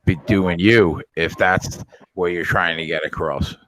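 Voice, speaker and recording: Calm, measured man reading sports news. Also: low-pitched, dry recording, low-quality recording. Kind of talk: casual sports betting chat.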